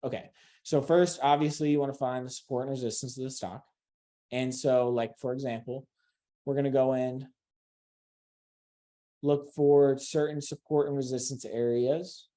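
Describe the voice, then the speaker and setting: A man's voice: mid-range voice, fairly even intonation, normal speed, pauses often, warm tone. A man giving a casual screen-share lesson on trading, talking in a loose, repetitive way and speaking directly to his viewers. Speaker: trading instructor.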